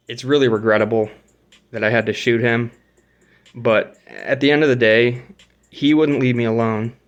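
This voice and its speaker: In a muffled recording, a young male vlogger speaks in a mid-range voice with a steady tone, unhurried and with long pauses. He's casually telling a story full of profanity, performing the dialogue and indicating the spots where events took place.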